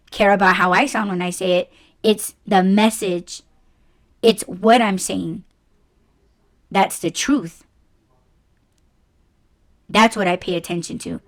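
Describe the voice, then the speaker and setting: Blunt, swearing woman podcaster. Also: mid-range voice. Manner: blunt, swears freely, frank; conversational, with fillers like "like" and "you know". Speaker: podcast host. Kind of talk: casual solo podcast monologue.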